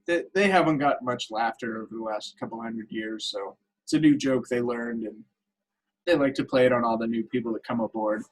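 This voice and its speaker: A man's voice: medium pitch, fairly quick, rough recording. A man playing a tabletop game, chatting in a wry, easygoing way. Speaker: player. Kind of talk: casual game chat.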